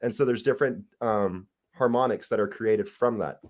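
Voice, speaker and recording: A man's voice: on the low side, normal speed, a little mellow. A man who is a guest on a casual podcast, explaining his ideas steadily with some fillers. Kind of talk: casual conversation.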